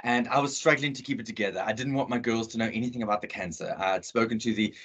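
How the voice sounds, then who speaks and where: Man, South African accent, husky voice, middle-aged, earnest storyteller, video call audio. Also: mid-range voice, fast talker. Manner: earnest, animated storyteller who acts out dialogue. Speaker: motivational speaker. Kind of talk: personal storytelling talk.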